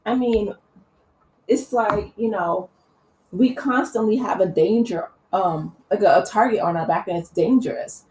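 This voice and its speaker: A woman's voice: medium pitch, a little slow, a little mellow, low-quality recording. Earnest woman giving impassioned commentary. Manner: impassioned, earnest, many fillers. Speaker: commentary vlogger. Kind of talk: opinion commentary.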